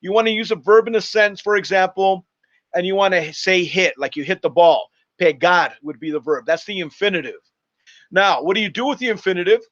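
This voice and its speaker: A man with a fairly high voice teaches a recorded online class. He explains grammar step by step, repeats important points and drops in a frequent "uh". The audio is dull and lo-fi, as from a computer microphone. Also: fairly quick, fairly bright tone. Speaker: Spanish teacher.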